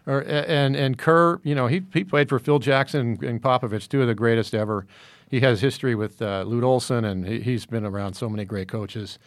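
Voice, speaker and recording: A man's voice: medium pitch, a little fast, no room sound. A man talking through basketball analysis in casual discussion, rambling with many fillers and restarts.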